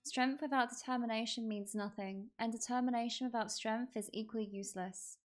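A woman reading the lines of a stern aging male ninja lord in a solemn, measured way. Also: fairly high pitch, fairly even intonation, soft background music, close to an everyday voice.

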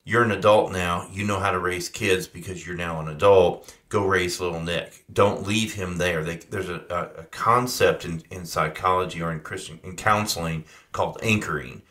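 A man's voice: sits low, fairly even intonation, normal speed, few pauses, a bit bright. A man co-hosting a podcast, speaking earnestly and reflectively in casual conversation. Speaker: podcast co-host.

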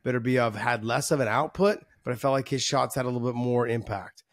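A man's voice: medium pitch, fairly quick, no echo, studio quality. A man co-hosting a casual sports podcast, talking through fights in a chatty, analytical way. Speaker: podcast co-host.

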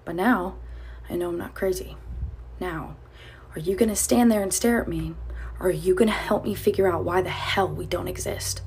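A woman voicing a weary young man in a told story, speaking low and grim. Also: moderate pace, darkish tone, natural voice. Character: weary young man who no longer exists.

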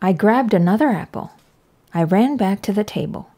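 A woman reading a children's picture book aloud with slow, careful storytelling. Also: medium pitch, lively intonation, dark tone. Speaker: read-aloud narrator.

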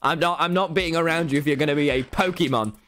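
A young man commentating on his own live game stream, excitable, laughing and yelling often and repeating himself. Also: on the high side, fast talker, faint music behind.

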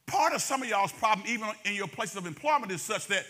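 A man preaching a sermon as pastor, talking fast and calling out to the congregation. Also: high-pitched, expressive, bright, forceful tone, a little hiss or hum.

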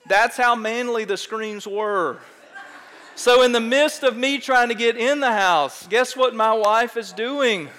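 A middle-aged pastor with a Texan accent, preaching a sermon and telling a self-mocking story in an animated way, often checking in with "right?". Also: male voice, very high voice, unhurried. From Texas. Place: large church sanctuary. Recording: long church hall reverb.

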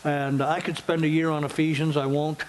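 A man's voice: a little high, little pitch movement, normal speed, low-quality recording. An older man, pastor emeritus, giving an earnest, conversational sermon and closing prayer, repeating phrases for emphasis. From United States. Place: church sanctuary.

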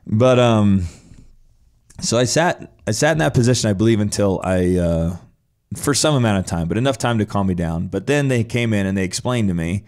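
Low gravelly man telling a blunt story. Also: normal speed, darkish tone. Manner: blunt and profane, acts out his own past reactions. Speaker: podcast guest telling his story. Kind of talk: casual storytelling conversation.

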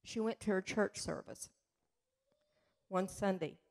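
A woman telling a story in a church sermon, slow and earnest, swelling with emotion at times. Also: medium pitch, vocal fry, darkish tone. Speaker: church speaker. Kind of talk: testimony sermon.

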